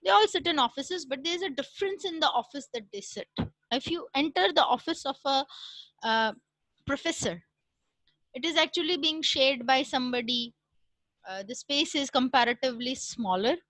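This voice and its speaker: A woman giving a recorded classroom lecture, explaining step by step with frequent "uh" pauses and "right?" checks. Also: high voice, fairly bright tone, no echo, rough recording.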